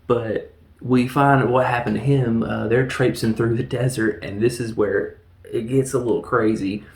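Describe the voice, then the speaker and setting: A man's voice: mid-range voice, steady tone, normal speed. A man casually reviewing a film, laughing often and recapping scenes with mock voices. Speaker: movie reviewer. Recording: echoey room.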